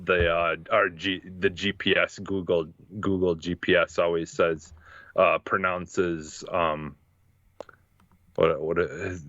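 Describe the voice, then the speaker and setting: A man from Wisconsin co-hosting a casual podcast chat, talking in halting restarts and chuckling. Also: deep voice, fairly bright tone, dry recording. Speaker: podcast co-host. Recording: dull, dry lo-fi mic.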